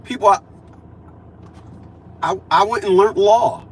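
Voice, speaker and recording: A man in his fifties delivering a profane, preachy ranting monologue, repeating himself and swinging between loud declarations and low mutters. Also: slow, slightly rough. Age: 50s. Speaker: vlogger.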